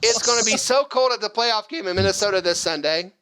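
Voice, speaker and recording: A man's voice: sits high, fast, background noise. A man hosting a fan call-in show in a playful, hammy, jokey manner. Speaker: host.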